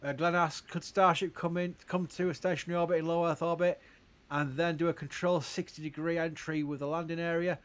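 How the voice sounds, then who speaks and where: A man's voice: on the high side, flat delivery, fairly quick. A man hosting a live stream, reading out viewer questions and answering carefully, stressing what is uncertain. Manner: careful, stresses uncertainty, laughs between points.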